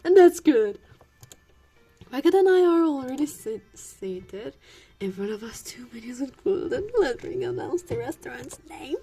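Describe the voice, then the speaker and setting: A woman's voice: high-pitched, expressive, measured pace, dark tone, husky, soft background music. Playful young woman reading a game aloud. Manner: playful, giggly, switches between reading and reactions. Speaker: gameplay streamer. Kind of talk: reading a dating sim aloud with commentary.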